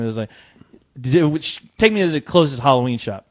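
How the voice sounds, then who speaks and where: A man telling a long, profane story in a casual podcast chat, animated and laughing as he goes. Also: medium pitch, fast talker. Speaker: co-host. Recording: dull lo-fi podcast audio.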